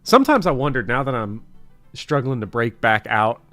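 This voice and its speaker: A man's voice: mid-range voice, big pitch swings, moderate pace, bright, forceful tone, no room sound, faint music behind. A man hosting a casual game stream, joking and swearing as he chats with a guest and reads comments. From US South. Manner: profane, joking, mimics voices. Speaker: streamer and host.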